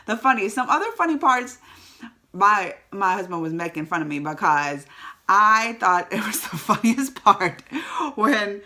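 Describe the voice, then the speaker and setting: A woman giving a casual, emotional vlog movie review to the camera, chatty and quick to tear up or laugh. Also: mid-range voice, lively intonation, bright, forceful tone.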